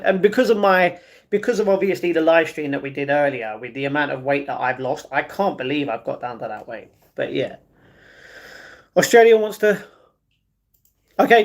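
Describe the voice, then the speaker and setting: Hosting a relaxed livestream, a man reads viewers' comments aloud and answers them casually. His voice is a little high, and his talk is chatty and easygoing, full of halting restarts.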